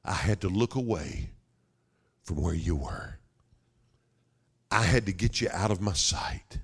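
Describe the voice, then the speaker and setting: A tender father speaks softly to his son, put on by a preacher, his voice low and hushed, sometimes dropping to a whisper. The words come slow and close, full of reassurance. It sounds like a parent leaning in to comfort a child. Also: lively intonation, husky, heavily acted. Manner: hushed, intimate, often whispered. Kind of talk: sermon.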